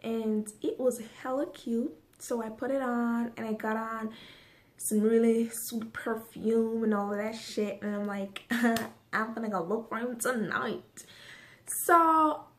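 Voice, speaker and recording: Profane, animated woman telling a story. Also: fairly high pitch, unhurried, slight background noise. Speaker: vlogger. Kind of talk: casual story time.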